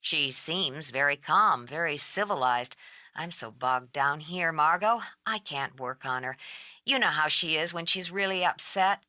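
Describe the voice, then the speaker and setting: A sleepless, strung-out woman, voiced by a female narrator, speaks low with a tight, edgy tone. She is blunt and clipped, worn down but still sharp. The audiobook sound is dry and close. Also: animated, unhurried, dry recording, full character voice. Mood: weary. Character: exhausted sharp-tongued woman on the phone.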